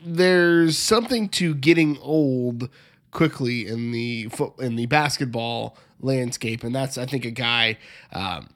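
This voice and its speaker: A man co-hosting a sports podcast, reading dry, brisk news updates. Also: mid-range voice. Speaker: co-host. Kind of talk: sports news rundown and chat.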